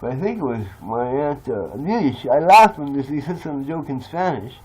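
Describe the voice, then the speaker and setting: A man's voice: medium pitch, lively intonation, moderate pace, a little mellow, slightly rough, poor audio. A man talking in a rambling, confessional monologue, blunt and swearing freely. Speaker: vlogger.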